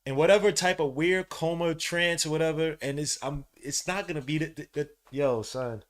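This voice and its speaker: A man, hosting a fan podcast and calling a live game, swinging from low muttering to loud shouting, full of slang. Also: normal speed, few pauses. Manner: heavy slang, calls out plays between asides. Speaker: podcast host. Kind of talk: live fan watch-along commentary.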